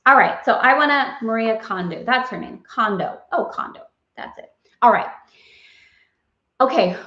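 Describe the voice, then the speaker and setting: A woman's voice: fairly high pitch, a bit bright. A woman hosting a casual live stream, gushing and bubbly, laughing often as she chats with viewers. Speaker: host. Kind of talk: casual livestream chat. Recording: roomy, dull lo-fi sound.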